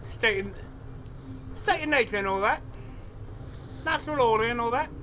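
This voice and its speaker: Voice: medium pitch, lively intonation, moderate pace, background noise. A streamer commentating a live game in a put-on mix of Cockney and Australian accents, rambling and repeating phrases with self-amused asides.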